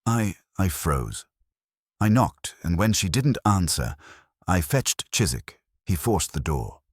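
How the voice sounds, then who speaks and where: Man playing a nervous, hesitant young violinist, dry husky tone. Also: sits low, big pitch swings, slow pace, no echo, exaggerated voice. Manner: stammering, hesitant.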